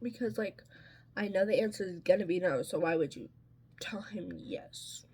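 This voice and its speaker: A woman's voice: fairly low pitch, normal speed, dark tone, breathy edge. A woman vlogger telling a story in a casual chat while getting ready, full of "like" and "um" and sounding exasperated. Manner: chatty, peppered with "like" and "um".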